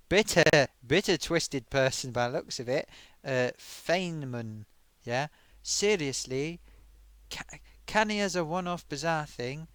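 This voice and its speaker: A cheeky sock puppet host voiced by a man chats through viewer comments. His voice sits a little high. It sounds close and dry, and he keeps slipping in oofs and sighs. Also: a bit bright, no echo, full character voice. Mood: indignant. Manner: chatty, full of oofs and sighs. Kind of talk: live-stream chat.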